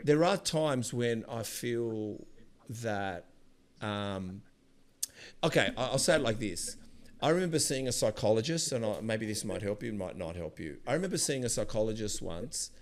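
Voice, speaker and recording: A man's voice: fairly low pitch, expressive, moderate pace. Hesitant man hosting a chat. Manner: hesitant starts, retells conversations anecdotally. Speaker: podcast host. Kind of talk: casual chat.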